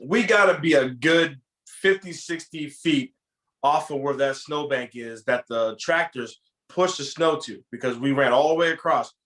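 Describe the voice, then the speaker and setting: A man casually telling a story from his youth to a friend, animated and acting out the lines he quotes. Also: fairly high pitch, normal speed. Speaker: podcast co-host telling a story.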